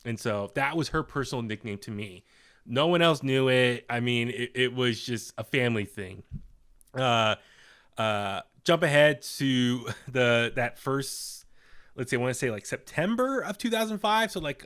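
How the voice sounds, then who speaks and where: A man's voice: mid-range voice, a bit bright. A young man as a podcast guest, telling a long story in a rambling, casual way with many fillers and restarts, acting out the voices of the people in it. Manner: acts out quoted voices.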